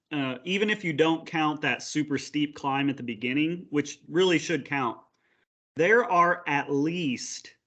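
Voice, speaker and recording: A man co-hosting a podcast, recounting at length in a rambling, relaxed way. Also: fairly high pitch, highs cut off. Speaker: podcast co-host. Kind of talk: casual chat.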